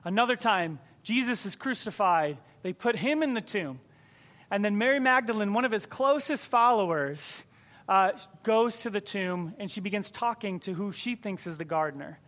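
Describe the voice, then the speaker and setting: A man with a high voice delivers a sermon to his congregation. His preaching is conversational and emphatic, leaning on key words and repeating them for weight. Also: lively intonation, moderate pace, a bit bright.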